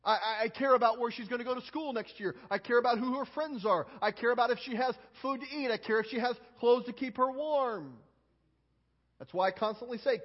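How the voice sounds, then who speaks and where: A man's voice: extremely high pitch, fairly quick. A man giving a children's sermon as pastor, coaxing the children with many questions and often repeating words as he starts a sentence. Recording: long hall reverb, dull lo-fi sound.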